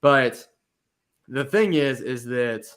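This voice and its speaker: A man's voice: medium pitch, takes it slowly. Rambling man giving casual channel tips. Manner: rambling, filler-heavy, animated. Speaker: YouTube host giving channel advice. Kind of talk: casual chat.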